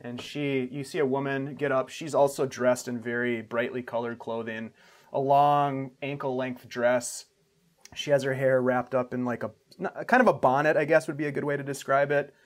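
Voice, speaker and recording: Brief: male game master, mid-pitched, easygoing scene-setting. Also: moderate pace. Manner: relaxed narration with filler restarts. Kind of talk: narrating a tabletop game.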